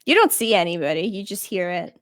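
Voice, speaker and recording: A woman's voice: fairly low pitch, very animated, fairly quick, a bit bright, no room sound, clean studio sound. A woman running a tabletop game as game master, describing scenes in a casual, rambling way with many fillers.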